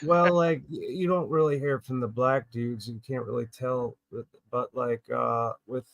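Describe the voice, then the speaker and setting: A man's voice: mid-range voice, fairly even intonation, normal speed, gravelly, no echo, poor audio. A man on a live panel talking casually, stopping and restarting a lot and laughing often. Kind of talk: casual chat.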